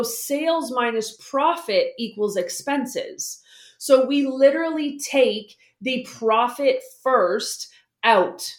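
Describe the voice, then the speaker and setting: A woman guest explaining money habits in a casual interview, lively and acting out the voices she quotes. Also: on the high side, roomy sound. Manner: animated, acts out quoted voices.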